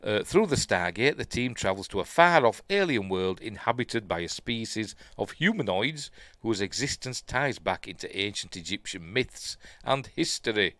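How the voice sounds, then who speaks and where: A man's voice: fairly low pitch, animated, normal speed, few pauses, fairly bright tone, no room sound. Rambling Yorkshire man reading news. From Yorkshire, England. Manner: reads headlines aloud, then chats and rambles with fillers. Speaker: news stream host. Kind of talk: casual live news commentary.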